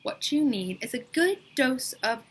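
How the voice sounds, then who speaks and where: Woman doing a strict, brisk schoolteacher. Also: high voice, very animated, slightly rough, pitched above the performer's own voice, heavily acted. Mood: stern.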